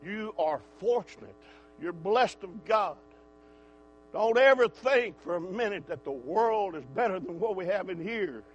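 A man preaching a sermon in a church, moving from quiet talk to fervent shouting. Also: high voice, expressive, a little slow, highs cut off, faint music behind. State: out of breath.

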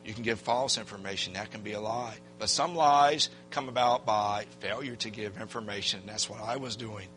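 An older man preaching a sermon as a pastor, telling a personal story in a folksy, animated way and acting out what people said. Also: lowish voice, normal speed, few pauses, soft background music.

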